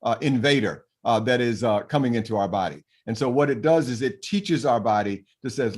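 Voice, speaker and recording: An older man, a physician guest, explaining things in an earnest, measured way with some fillers. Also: mid-range voice, slightly rough. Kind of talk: explaining on a talk show.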